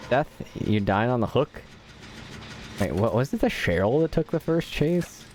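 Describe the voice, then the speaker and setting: A man's voice: mid-range voice, sing-song, measured pace, darkish tone, a little hiss or hum. A man streaming a video game, giving live commentary in a joking, mock-dramatic way and talking to the characters on screen.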